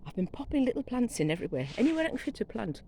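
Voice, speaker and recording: A woman's voice: on the high side, sing-song, rapid-fire, warm tone, poor audio. A middle-aged woman, chatting casually as she walks round her back garden, rambling and gushing over her plants while coming down with a cold. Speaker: gardening vlogger. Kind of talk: casual garden walk-through. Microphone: phone camera carried while walking.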